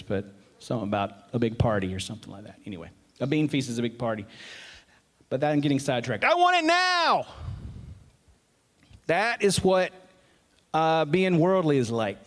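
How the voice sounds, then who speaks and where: A man's voice: mid-range voice, a little mellow. A man preaching a sermon in a conversational way, with asides and self-corrections, and more emphasis when he reads scripture aloud.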